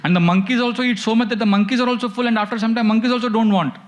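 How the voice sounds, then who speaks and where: A man's voice: very high voice, fairly even intonation, racing, highs cut off. A man teaching a devotional class, telling stories with animation and chanting verses. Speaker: spiritual teacher.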